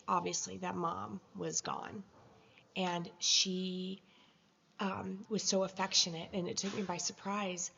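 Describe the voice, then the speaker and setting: A woman recording a personal video journal, telling a story in an emotional, halting way with many pauses. Her voice has a gravelly, creaky edge. The sound is slightly dull and lo-fi. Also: medium pitch, a bit bright, slight background noise. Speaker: vlogger.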